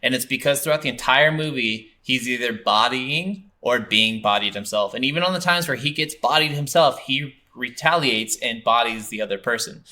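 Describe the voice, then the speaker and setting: A man co-hosts a relaxed movie review chat in a bright, forceful voice. He retells scenes with lively energy and breaks into quick laughs. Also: mid-range voice. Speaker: movie review podcast co-host.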